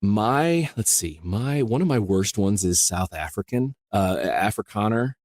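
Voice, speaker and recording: Deep-voiced rambling man from Iowa. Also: expressive, unhurried, a little mellow, dry recording, studio quality. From rural Iowa, US. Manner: rambling, full of "you know" and restarts, laughs easily. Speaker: audiobook narrator, guest. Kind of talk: casual interview chat.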